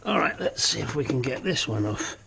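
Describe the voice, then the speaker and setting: A mechanic talks through a car repair as he works, his mid-range, gravelly voice brisk and expressive while he mutters and grunts fighting with parts. It's a hands-on repair tutorial, and the recording is very noisy.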